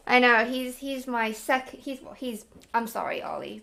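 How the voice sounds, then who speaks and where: A woman's voice: fairly high pitch, expressive, a little slow, gravelly, few pauses, sharp tone, slight background noise. A young woman at home on a webcam call, hosting an online party for her dog, cooing at him and giving him commands. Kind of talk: casual chat on a video call.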